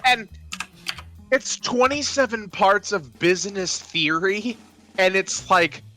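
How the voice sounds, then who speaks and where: A man's voice: sits high, lively intonation, takes it slowly, sharp tone, faint music behind. A man co-hosting a podcast, retelling film scenes in casual chat and often laughing. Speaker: podcast co-host.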